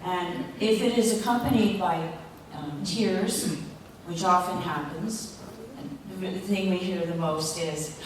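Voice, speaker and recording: A woman voice actor speaking on a convention panel, reflective and halting, with pauses and fillers. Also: on the low side, background noise. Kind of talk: panel talk. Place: large convention hall. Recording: echoey hall, mic far off.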